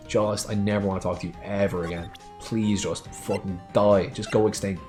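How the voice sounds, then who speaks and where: A man's voice: lowish voice, steady tone, normal speed, few pauses, warm tone, soft background music. A man grumbling and swearing while commenting on a game playthrough. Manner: grumbling, profane. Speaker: game player.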